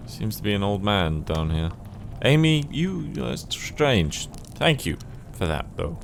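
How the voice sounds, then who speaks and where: A man's voice: on the low side, big pitch swings, slow, gravelly, a little hiss or hum. A man hosting a let's play, self-deprecating and joking about his own bad accents.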